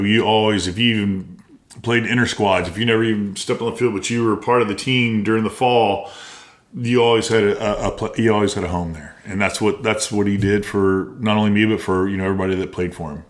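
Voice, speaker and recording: A middle-aged American man, a former college baseball player, telling animated stories in a casual interview and acting out what others said. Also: fairly low pitch, reverberant. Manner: animated storyteller, acts out quotes, laughs often.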